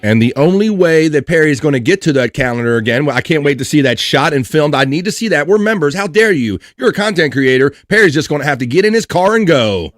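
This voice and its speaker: A man's voice: fairly high pitch, animated, fast, hardly any pauses, fairly bright tone, soft background music. A man hosting a livestream, giving crude, laughing commentary. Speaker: livestream host. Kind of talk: casual livestream chat.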